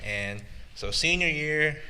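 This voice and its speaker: A man's voice: a little high, expressive, takes it slowly, sharp tone, clean tone. A man hosting a casual sports interview, prompting his guest with easygoing questions. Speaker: podcast host. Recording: roomy with long reverb.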